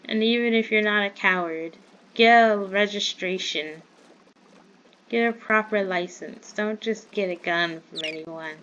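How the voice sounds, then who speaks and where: A woman's voice: medium pitch, unhurried, fairly bright tone, lo-fi sound, slight background noise. A woman from the American South chatting in a rambling way while playing a game, easily startled. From Southern United States. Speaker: gamer. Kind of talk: casual Minecraft commentary.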